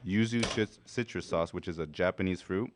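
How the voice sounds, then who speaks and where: A man from a restaurant, describing dishes and their ingredients one by one in a steady, methodical way. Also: low-pitched, normal speed, noisy background. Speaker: restaurant representative.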